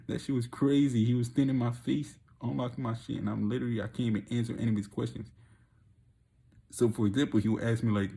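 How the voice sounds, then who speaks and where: A man telling a rambling, profane story in a casual monologue, often laughing and getting loud and excited. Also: mid-range voice, fast, creaky. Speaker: vlogger.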